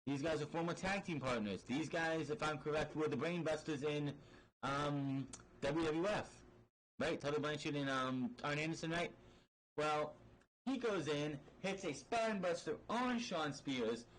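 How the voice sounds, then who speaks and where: A man's voice: a little high, measured pace, poor audio. A man casually recapping a wrestling match play-by-play, rambling with fillers and frequent swearing. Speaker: wrestling show reviewer.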